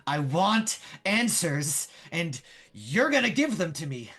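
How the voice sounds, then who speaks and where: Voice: medium pitch, very animated, slow, a bit bright, husky, faint music behind, pitched above the performer's own voice, full character voice. A game master voicing a big, muscled female enforcer who barks harsh, demanding lines. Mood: angry.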